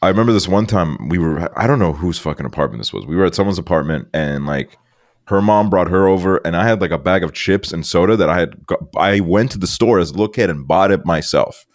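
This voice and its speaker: A man's voice: low voice, lively intonation, fast talker. A young man co-hosting a podcast, rambling through childhood stories with plenty of swearing. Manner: rambling, swears often, mimics voices in stories. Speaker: podcast co-host. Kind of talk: casual chat.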